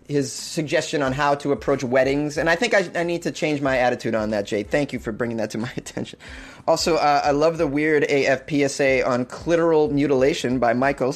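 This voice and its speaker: A man's voice: on the high side, brisk. A young man hosting a casual comedy news podcast from his apartment, rambling and laughing at his own jokes. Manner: rambling, self-amused, laughs often. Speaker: podcast host. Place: hot apartment.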